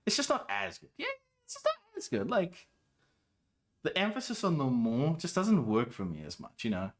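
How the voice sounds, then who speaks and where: A man's voice: a little high, moderate pace. A man streaming from home, chatting casually and playfully with his viewers. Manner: playful, animated, quotes lines in different voices. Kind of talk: casual chat.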